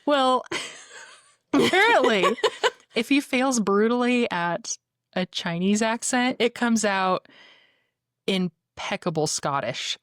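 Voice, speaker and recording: A woman's voice: fairly high pitch, animated, slow pace, long pauses, no echo, studio quality. A woman hosting a podcast, chatting casually and laughing often as she talks. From northern United States. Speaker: podcast host. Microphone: podcast microphone.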